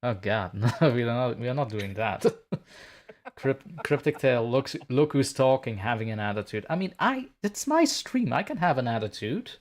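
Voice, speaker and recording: A man's voice: medium pitch, normal speed. A man with an ordinary mid-range voice hosts a casual livestream. He reads viewer comments aloud and answers them with teasing, playful banter. He sounds a bit scatterbrained, having just got home. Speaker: livestream host.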